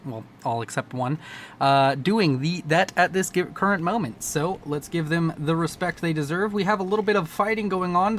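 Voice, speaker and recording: A man's voice: a little high, a bit bright, slight background noise. A young man casting a strategy game, joking and mocking himself as he rambles through the play-by-play. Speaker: game caster. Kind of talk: live strategy game commentary.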